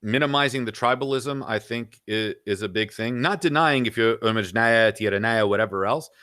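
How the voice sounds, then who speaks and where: A man's voice: mid-range voice, moderate pace, pushed and bright, dry recording, clean studio sound. A man in his forties, a guest on a podcast, giving opinionated views in casual talk and leaning on "you know" as he lists examples.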